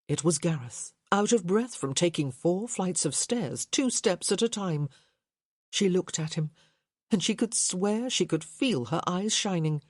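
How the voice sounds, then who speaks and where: Slow, breathy woman narrating a novel. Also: lowish voice, animated, darkish tone, no room sound, studio quality. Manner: slow and measured. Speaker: audiobook narrator. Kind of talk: scripted narration.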